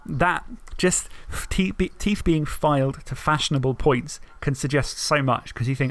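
Co-hosting a podcast, a man chats enthusiastically about a fantasy novel in a casual book discussion, reading passages aloud and frequently restarting his sentences. His voice is a little high and fairly bright, at normal speed with few pauses and no room sound.

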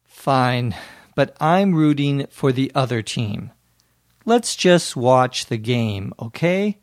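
A man playing an irritated man who wants to watch sports in peace, in a slow, clearly spoken dialogue for English learners. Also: medium pitch, expressive, no room sound, clean studio sound. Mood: annoyed. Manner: annoyed, curt, slow and clear.

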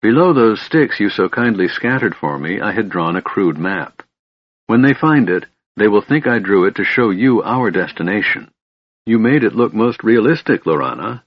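A man's voice: fairly low pitch, animated, moderate pace, husky, dry recording. A man reading the part of a secretive young female wilder elf, earnest and pleading, in an audiobook. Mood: defiant. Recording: muffled lo-fi recording.

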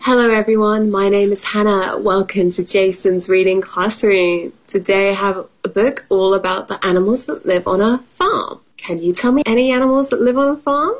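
A woman's voice: mid-range voice, moderate pace, few pauses, soft background music. A woman teaching English to children, reading a farm picture book aloud and asking the listeners questions. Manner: lively teacherly, asks children questions, puts on animal voices.

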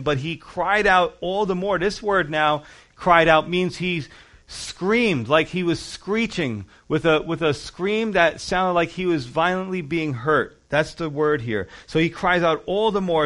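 A man's voice: fairly high pitch, measured pace, a bit bright. Earnest male pastor preaching a sermon. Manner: earnest, conversational preaching with rising emphasis on key words.

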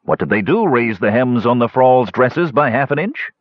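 A proud, gruff older male dwarf, as a male narrator puts him on, indignant and hard-edged. His voice is husky and rises and falls widely. The recording is dull and dry. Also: medium pitch, expressive, normal speed, dry recording, pitched above the performer's own voice, natural voice.

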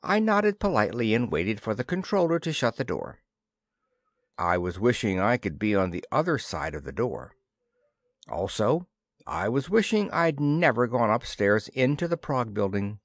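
A man reading a first-person science fiction story with expressive, dramatic narration. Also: on the low side, moderate pace, dry recording. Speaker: audiobook narrator.

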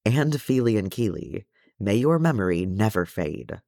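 A man voicing a fretful, tearful male hobbit gentleman who talks in a fussy, flustered, prim way. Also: lowish voice, lively intonation, unhurried, vocal fry, no room sound, clean studio sound.

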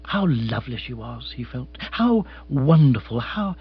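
A man narrating an audiobook in a dry, measured storytelling way. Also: mid-range voice, big pitch swings, husky, highs cut off. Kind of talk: audiobook reading.

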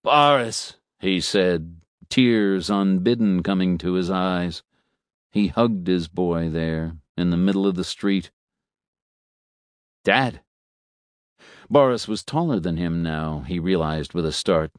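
A man reading a story as an audiobook narrator, measured, shifting voice for the characters. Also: sits low, a little mellow, clean tone, no room sound, studio quality. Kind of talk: scripted narration.

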